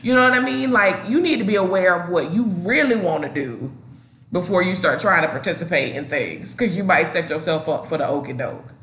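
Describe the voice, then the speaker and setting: A woman talking in a loose, slangy way on a podcast, her pitch jumping all over as she acts out little scenes. The room is echoey around her. She keeps things casual and conversational. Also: fairly quick. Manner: animated, acts out quoted voices, slangy. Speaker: therapist co-host.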